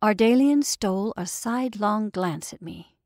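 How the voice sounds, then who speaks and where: A woman storyteller reading a classic tale aloud in a measured, expressive way. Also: mid-range voice, no room sound, studio quality. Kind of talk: scripted narration of a classic story.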